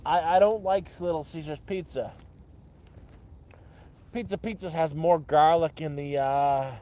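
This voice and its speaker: A man's voice: a little high, dark tone. A man rambling in a casual, repetitive chat by a campfire, with restarts and swearing. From Canada. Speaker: vlogger. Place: outdoors by a campfire.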